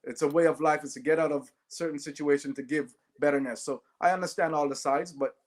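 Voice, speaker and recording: A man tells stories in an animated way. His voice sits a touch higher than most men's, and he often checks in with a quick "right?". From Jamaica. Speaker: guest, former Olympic sprinter. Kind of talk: storytelling in a podcast interview.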